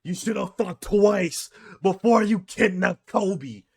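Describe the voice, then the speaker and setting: A man voicing a legendary, gruff old marine hero who bellows threats at pirates. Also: sits high, slow, pitched above the performer's own voice, full character voice. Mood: boastful, threatening.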